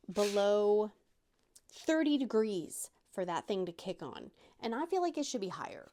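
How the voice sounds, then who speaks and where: A woman's voice: mid-range voice, sing-song, measured pace, a little mellow. A woman hosting a crafting vlog, chatting in a rambling, self-deprecating way with lots of restarts while she works on a craft. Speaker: crafting channel host.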